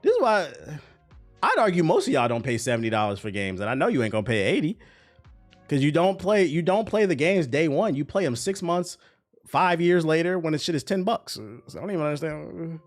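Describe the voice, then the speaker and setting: A man's voice: a little high, very animated, fairly quick, faint music behind. A man hosting a livestream, ranting bluntly and profanely in casual chat to his viewers, often breaking into laughter. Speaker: livestream host.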